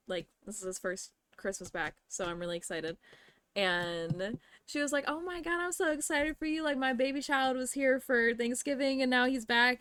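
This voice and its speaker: Young woman streamer, bright tone, chatty and rambling, casual slang. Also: medium pitch. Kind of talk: casual live-stream chat while gaming.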